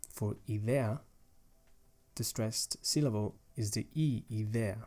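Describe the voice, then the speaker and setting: A young language teacher patiently explains grammar rules step by step, making small restarts as he goes. His voice is lowish and dark, and he takes it slowly.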